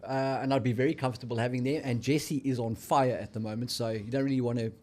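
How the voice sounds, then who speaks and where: A man's voice: medium pitch, steady tone, fast talker, darkish tone. A man co-hosting a casual rugby chat, dropping wry, joking remarks. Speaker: co-host.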